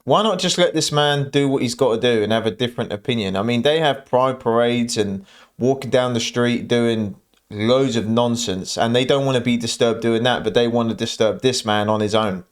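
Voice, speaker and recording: A man's voice: medium pitch, normal speed. A man hosting a reaction channel, talking over clips in an exasperated, mocking tone.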